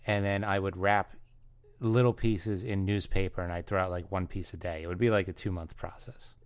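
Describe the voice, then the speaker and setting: A man's voice: sits low, steady tone, moderate pace, clear, resonant tone, no echo. A man co-hosting a podcast, telling stories in a laid-back, dry way during casual banter. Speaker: podcast co-host.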